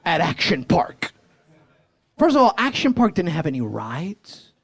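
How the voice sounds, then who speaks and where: A man in his forties performing a high-energy stand-up set, telling a story animatedly on a comedy club stage. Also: big pitch swings, normal speed, husky, no echo.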